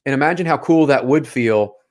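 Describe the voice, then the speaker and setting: A man's voice: mid-range voice, brisk. A man hosting a casual interview show, enthusiastic and affirming toward his guest. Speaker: host.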